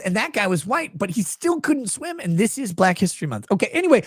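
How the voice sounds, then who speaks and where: A man hosting a livestream as a lawyer, telling a client anecdote in a crude, sarcastic, animated way. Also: high-pitched, fast, husky, no room sound, studio quality. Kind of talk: casual livestream storytelling.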